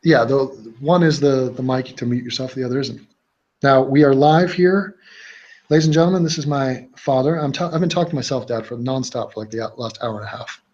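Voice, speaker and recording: A young man hosts his own livestream, talking bluntly and rambling through fillers and false starts. His voice has a husky edge. The sound is a little dull and lo-fi. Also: medium pitch, fairly quick, a little mellow. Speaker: livestream host. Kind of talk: casual livestream chat.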